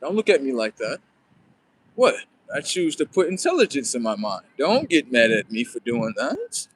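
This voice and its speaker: A man's voice: mid-range voice, huge pitch swings, normal speed, a little hiss or hum. A man hosting a livestream, rambling on in a profane, casual monologue and talking back to his viewers. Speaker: livestream host.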